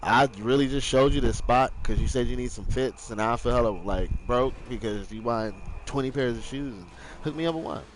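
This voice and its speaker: Young guy on a stream telling a long story, lots of slang and swearing, regular pitch. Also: a little fast, few pauses, slight background noise, rough recording. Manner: slangy, profane, rambling, acts out quotes. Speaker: live streamer. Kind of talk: casual storytelling.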